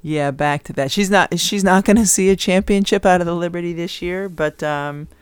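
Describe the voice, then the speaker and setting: Smooth-voiced woman talking basketball. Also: lowish voice, moderate pace, dry recording. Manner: chatty, upbeat, with fillers. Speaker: podcast co-host and basketball analyst. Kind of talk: casual sports chat.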